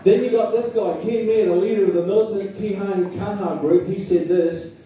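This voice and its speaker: Man, New Zealand accent, seminar speech, emphatic, rhetorical questions, slightly high voice, booming hall echo. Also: steady tone, fairly quick, background noise. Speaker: public speaker. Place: public hall. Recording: very echoey hall, voice from far off.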